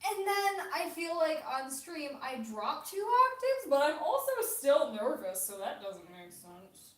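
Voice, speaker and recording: A woman hosting a livestream, chatting casually and laughing often, with a self-deprecating manner and some vocal fry. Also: high voice, big pitch swings, unhurried, echoey room, recorded from a distance. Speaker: livestream host. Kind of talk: casual chat.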